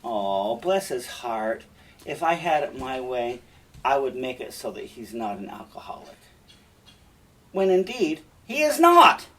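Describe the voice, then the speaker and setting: A male teacher walks students through a play in a relaxed, chatty way, dropping asides to them. His voice sits back from the microphone in a mid-range pitch. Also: distant mic, low-quality recording. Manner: casual, chatty explaining with asides.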